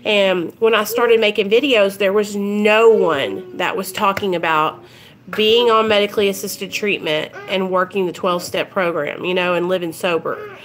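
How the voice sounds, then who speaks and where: A woman's voice: medium pitch, fairly even intonation, normal speed. A woman talking casually to her viewers on a livestream, earnest and rambling with plenty of ums and you-knows. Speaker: recovery vlogger.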